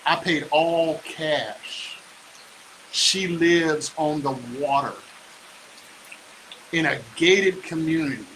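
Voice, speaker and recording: Middle-aged man, motivational live-stream host, boastful and charged up, fairly high and bright, faint hiss behind. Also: slow pace, pauses often, low-quality recording. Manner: boastful, fired-up, preachy, with whoops. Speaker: real estate investor hosting a live stream.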